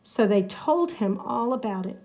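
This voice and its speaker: Slow, lively woman reading a picture book. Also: fairly high pitch. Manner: expressive, sing-song, shifting into character voices. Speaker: storybook reader.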